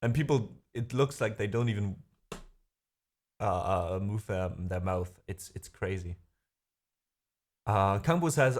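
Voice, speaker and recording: A man with a lowish, expressive voice speaks unhurriedly and pauses often. English isn't his first language, and he's hosting a music livestream, casually chatting with viewers as he reads their comments, rambling and laughing at himself.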